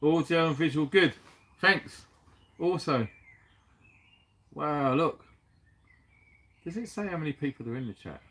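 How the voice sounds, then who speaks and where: A man's voice: on the high side, lively intonation, measured pace, pauses often, a bit bright. A man from the UK hosting a casual livestream, chatty and jokey, laughing often and using casual slang. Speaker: livestream host.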